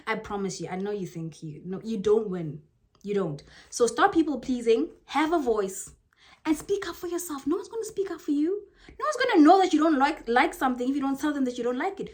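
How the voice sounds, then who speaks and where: Young woman, South African Zulu-inflected accent, motivational vlog, lively swooping pitch, emphatic. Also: brisk. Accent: South African, Zulu-inflected English. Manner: animated and emphatic, jumping to high exclamations. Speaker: motivational vlogger. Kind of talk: casual motivational talk to camera.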